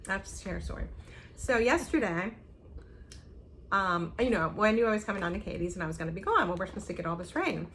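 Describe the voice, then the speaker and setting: A woman co-hosting a casual stitching chat, telling stories with lively acted-out quotes. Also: medium pitch, a little fast, a little hiss or hum. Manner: animated storyteller, acts out quotes. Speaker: flosstube co-host.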